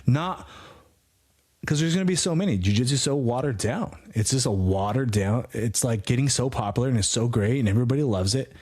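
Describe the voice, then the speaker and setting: A man's voice: medium pitch, animated, a little fast, a little mellow. A man in his forties co-hosting a podcast, talking in a blunt, profane, rambling way. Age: 40s. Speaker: podcast co-host. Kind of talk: casual podcast chat.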